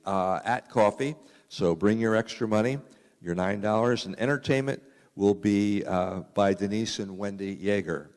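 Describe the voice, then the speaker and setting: Deep-voiced man making hall announcements. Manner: relaxed, chatty, with frequent uh fillers. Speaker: community meeting announcer. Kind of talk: casual announcements. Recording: echoey community hall.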